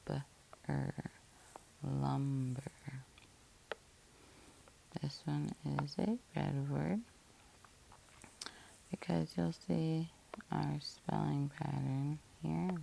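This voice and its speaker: Slow gravelly-voiced woman teaching phonics. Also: sits low, dark tone, slight background noise. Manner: patient, methodical, spells words out letter by letter. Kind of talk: slow phonics lesson, syllable by syllable.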